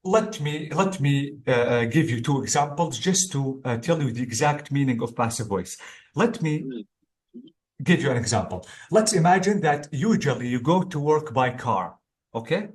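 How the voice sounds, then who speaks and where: A man's voice: mid-range voice, expressive, normal speed. A male English exam tutor teaching one-on-one, explaining step by step and often checking in with "okay?".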